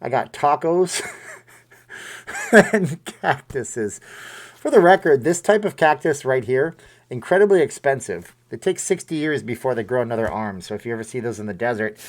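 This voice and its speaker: A man's voice: medium pitch, lively intonation, normal speed. A man hosting a casual live stream from home, rambling and joking with viewers while talking into a desk microphone in front of a webcam. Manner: chatty, jokey, rambling asides to viewers.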